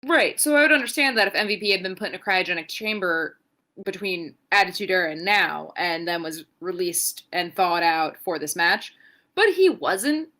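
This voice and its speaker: A young adult woman co-hosts a podcast, delivering a sarcastic, profane, rambling play-by-play of a wrestling event in a casual style. Her voice is fairly low, animated, and sharp, at normal speed.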